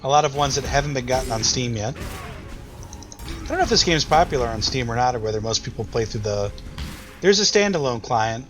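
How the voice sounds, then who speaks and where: A man's voice: mid-range voice, lively intonation, fairly quick, a bit bright, soft background music. An American man thinking aloud and rambling through casual let's-play commentary, with self-deprecating asides. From United States. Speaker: gaming YouTuber.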